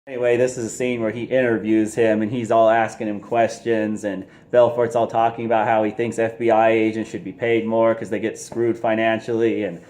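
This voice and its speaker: Rambling man with a lowish voice. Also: level tone, fairly quick, few pauses, a little mellow. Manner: rambling, lots of fillers, laughs often. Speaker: movie reviewer. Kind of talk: casual movie review vlog.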